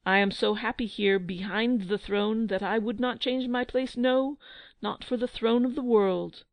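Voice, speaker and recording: A woman's voice: a little high, fairly even intonation, a little slow, vocal fry, no echo, low-quality recording. A woman voicing a haughty young prince who has lost his throne, mocking and proud in a storybook reading. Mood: tender.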